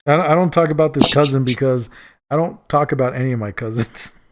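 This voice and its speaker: Male co-host, mid-pitched, rambling anecdotal delivery, chuckles at himself. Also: fast. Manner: rambling, self-amused storyteller. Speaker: podcast co-host. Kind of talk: casual chat.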